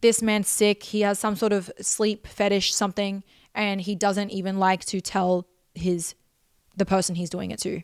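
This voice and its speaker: A woman's voice: medium pitch, little pitch movement, normal speed, clean tone, dry recording, clean studio sound. A young Australian woman telling a personal story with intense, profane emphasis and repeated phrases. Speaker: vlogger.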